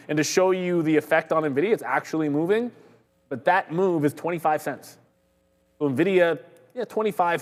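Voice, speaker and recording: Male trading-stream host, mid-pitched, casual and explanatory, reverberant sound. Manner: casual, hedging, explains rules step by step. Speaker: stock trading livestream host. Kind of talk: live market commentary.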